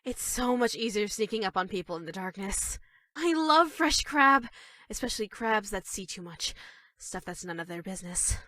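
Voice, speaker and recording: A woman voicing an obsessive, lovestruck teenage schoolgirl in game dialogue, giggly and breathy, swinging between gushing and dark murmurs. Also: medium pitch, lively intonation, moderate pace, no echo.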